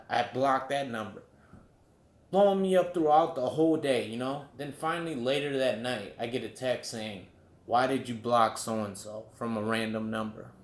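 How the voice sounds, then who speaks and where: A man's voice: medium pitch, echoey room. A man telling a story casually at home, swearing freely and padding his talk with likes and you knows. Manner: loose, profane, filler-heavy. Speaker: vlogger. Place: room at home.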